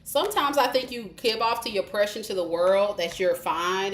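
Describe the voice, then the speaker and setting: Speaking directly to her audience, a woman does a chatty, informal tarot reading on a livestream. Her voice is mid-range, her pace moderate with few pauses, and the recording carries a roomy echo and slight hiss.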